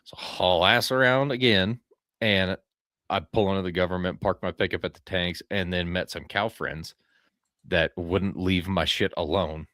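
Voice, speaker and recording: A man with a very low voice spins a long, loose story in a casual podcast chat. He swears freely and slips into acting out what he said. The sound is close and dry, with no room echo. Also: moderate pace, fairly bright tone. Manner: profane, rambling, acts out his own quoted lines. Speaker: podcast host telling a hunting story.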